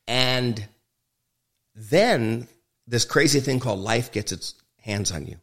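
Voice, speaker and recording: A man's voice: medium pitch, slow, a bit bright, breathy edge. A man, a film director, talking frankly and emphatically as a guest in an interview, swearing freely and joking. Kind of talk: candid interview conversation.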